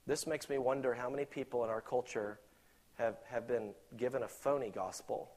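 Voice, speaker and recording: A man preaching a sermon with passion, rising to loud emphatic peaks and dropping to quiet asides, acting out imagined objectors. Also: mid-range voice, steady tone, moderate pace. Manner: acts out imagined objectors in quoted voices.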